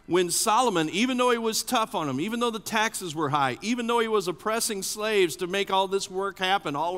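A man preaching a sermon as an associate pastor, animated and often asking the congregation questions. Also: a little high. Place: church sanctuary. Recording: long church reverb.

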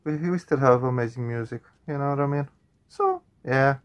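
A man's voice: medium pitch, moderate pace. A man doing reaction commentary on a horror game, jumpy and on edge, swearing often and addressing viewers as man and guys. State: nervous, on edge. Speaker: gaming channel host.

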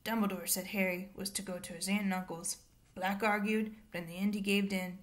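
A woman reading a novel aloud in a plain, even storytelling voice. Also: mid-range voice, fairly quick. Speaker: reader.

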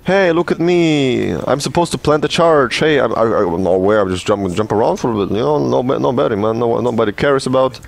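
A man's voice: medium pitch, a little fast, vocal fry, few pauses. A man giving a profane, sarcastic rant as gameplay commentary, mocking the game he is playing. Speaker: gaming channel host.

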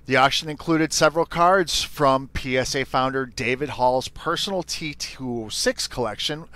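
Male host reading hobby news, mid-pitched, wry asides. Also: fairly bright tone. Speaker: show host.

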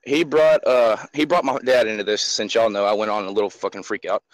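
A man's voice: fairly low pitch, fairly even intonation, a little fast, dry recording, poor audio. A man in his twenties calling into a live stream, ranting angrily and swearing nonstop. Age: 20s. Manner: furious, profane, shouting. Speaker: caller. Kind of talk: angry rant on a live call-in stream.

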